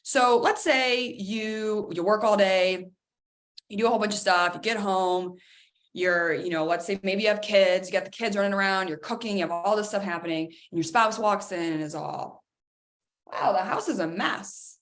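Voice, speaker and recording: A woman's voice: medium pitch, normal speed. A middle-aged woman hosting a self-help workshop, talking casually and acting out everyday arguments in quoted voices. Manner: animated, acts out quoted dialogue in other voices. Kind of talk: live coaching talk.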